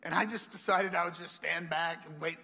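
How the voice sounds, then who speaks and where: A man's voice: on the high side, fairly even intonation, brisk, gravelly, pushed and bright, big-room sound, a little hiss or hum. A man preaching a sermon, a chatty storyteller who laughs often and acts out the people he quotes. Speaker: pastor. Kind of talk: sermon with personal stories. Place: church hall.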